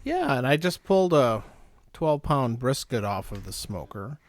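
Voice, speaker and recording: A man's voice: mid-range voice, very animated, no echo. A man co-hosting a podcast at home, cracking jokes and drawing out his lines. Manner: joking, drawn-out, silly asides. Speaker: podcast co-host. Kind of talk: casual chat.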